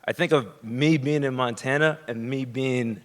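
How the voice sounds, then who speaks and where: A man from Florida telling a true personal story on a theater stage, nervous and halting with many fillers. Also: medium pitch. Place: theater stage before a live audience.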